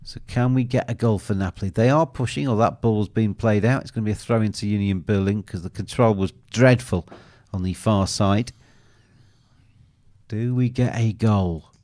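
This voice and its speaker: A man's voice: fairly low pitch, normal speed, a little mellow, no room sound, clean studio sound. A man hosting a live football betting show, commenting on a match and teasing his co-host while reading viewer comments aloud.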